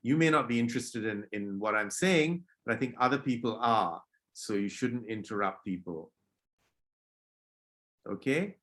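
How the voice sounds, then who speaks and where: A man's voice: medium pitch, expressive, moderate pace. Man teaching public speaking online. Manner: demonstrates moods by acting out greetings; gently scolds disruptive kids. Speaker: workshop presenter. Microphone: video call.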